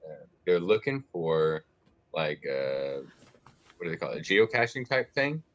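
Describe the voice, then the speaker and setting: A man's voice: deep voice, big pitch swings, a little slow, lo-fi sound. A man from the United States, a guest on a casual livestream chat, easygoing and laughing often. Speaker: guest, project founder.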